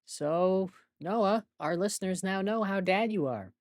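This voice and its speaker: A man's voice: sits high, unhurried, dry recording, studio quality. A man co-hosting a podcast in casual chat who asks questions and teases like a playful quizmaster. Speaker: podcast co-host.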